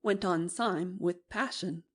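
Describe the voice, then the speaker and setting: A woman narrating an audiobook, reading the story's narration calmly. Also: lowish voice, slow pace.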